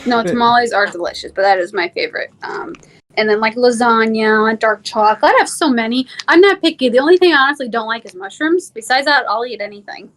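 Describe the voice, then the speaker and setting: A woman chatting as an interview guest, talking quickly and laughing easily. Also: on the high side, animated, fairly bright tone, a little hiss or hum. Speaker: guest, content creator. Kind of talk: casual interview chat.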